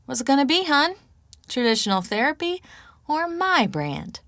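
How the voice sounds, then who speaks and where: A brash woman healer with a sarcastic streak, her voice pitched noticeably higher and sounding set apart from the narrator's usual tone, as a woman narrator puts her on. She delivers wisecracks in a breezy, teasing manner. The reading is dry and close, with no room echo. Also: big pitch swings, moderate pace, fairly bright tone, exaggerated voice.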